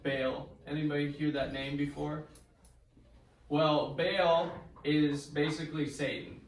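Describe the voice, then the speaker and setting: A man's voice: on the high side, takes it slowly. A man, a pastor, teaching an acted-out Bible lesson and quizzing his audience, in a church. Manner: animated, asks audience questions. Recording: echoey room from far off.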